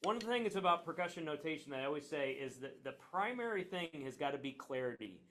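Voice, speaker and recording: Middle-aged guy teaching drums, kinda high voice, chatty, lots of ums, classroom. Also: fast talker. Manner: relaxed, chatty, with many fillers and tag questions. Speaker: percussion teacher. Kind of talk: classroom lesson. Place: classroom near a train line.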